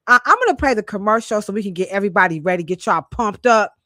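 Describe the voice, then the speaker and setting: A woman's voice: mid-range voice, expressive, fast, pushed and bright, dry recording, clean studio sound. A woman from Cleveland co-hosting a podcast in a playful, joking, hyped-up way, speaking. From Cleveland, Ohio. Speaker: podcast co-host. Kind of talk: lively casual podcast chat.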